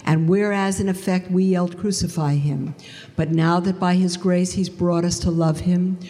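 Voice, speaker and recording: A woman giving an earnest conversion testimony, slowing down for emphasis. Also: sits low, dark tone. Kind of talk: testimony talk. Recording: long hall reverb.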